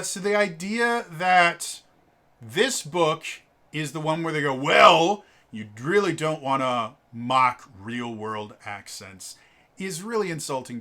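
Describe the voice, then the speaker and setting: A man talks through a tabletop game book in a loose, unscripted review, his voice sitting a little high with a bright, sharp edge. He stumbles often, repeating sounds and piling up fillers, and comes across opinionated and fed up. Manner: halting, many fillers and stammered repeats; opinionated, exasperated about stereotypes. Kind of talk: casual spoken review.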